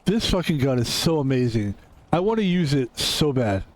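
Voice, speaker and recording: A man's voice: mid-range voice, sing-song, moderate pace. A young adult man streaming a game, chatting casually in a rambling, joking way with plenty of swearing. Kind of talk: casual gaming stream chat.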